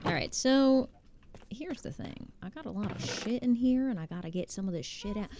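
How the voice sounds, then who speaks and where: A woman's voice: mid-range voice, animated, normal speed, dark tone, slight background noise. A young woman streamer chatting casually with her viewers while playing a building game, swearing freely and making fun of herself. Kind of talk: casual live-stream chat while gaming.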